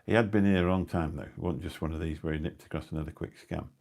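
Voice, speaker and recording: Low gravelly middle-aged man rambling. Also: fairly even intonation, quick pace, a little mellow. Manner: rambling anecdotal storytelling with dry asides. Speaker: live-stream host. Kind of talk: casual rambling chat. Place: indoors at home. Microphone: new phone or mic on a live stream.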